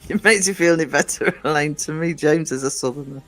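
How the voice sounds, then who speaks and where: A middle-aged man from northern England hosts a livestream in a loose, rambling way. He laughs often as he reads the chat, and his voice sits a touch high. Soft music plays faintly behind him. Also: a little fast, rough recording. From England, born in Nottingham, raised in Northumberland. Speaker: livestream host. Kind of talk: casual chat reading a live chat.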